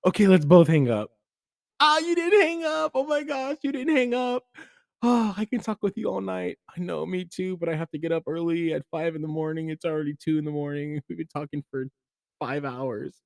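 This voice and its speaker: A man's voice: a little high, normal speed, vocal fry, dry recording, studio quality, voice pushed up. A man doing a squealing lovestruck young couple. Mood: gushing. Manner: gushing, squealing sing-song.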